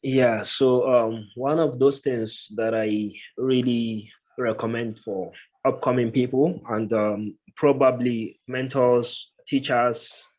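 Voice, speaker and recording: Man, interview guest, medium pitch, casual explaining, frequent filler pauses, call mic. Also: fairly even intonation, darkish tone. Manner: thoughtful, many filler pauses. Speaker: guest, tech professional.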